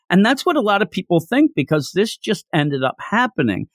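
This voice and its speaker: A man hosting a podcast, retelling a chapter in an animated, enthusiastic way. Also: high voice, a little fast, no echo, clean studio sound. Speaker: podcast host. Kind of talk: casual chapter recap.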